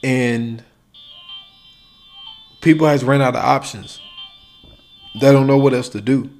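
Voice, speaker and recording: A man talks through his solo podcast in a loose, conversational way, slipping into little acted-out bits of dialogue as he goes. His voice sits at an ordinary middle pitch. Soft music plays faintly underneath. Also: fairly even intonation, slow pace. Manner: casual, conversational, acts out quoted exchanges. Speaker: podcast host.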